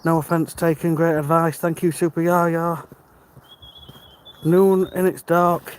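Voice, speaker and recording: A British livestream walker's voice sits on the high side, level in tone and unhurried, as he reads chat and talks casually, thinking aloud. He's outdoors on a dark rural road, and the low-quality recording has faint background noise of birds and cars passing.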